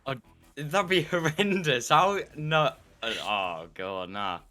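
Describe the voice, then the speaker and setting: A man co-casting an esports match, halting and unsure, with many fillers and laughs. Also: a little high, lively intonation, pushed and bright, faint music behind. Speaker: esports caster. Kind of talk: casual esports commentary.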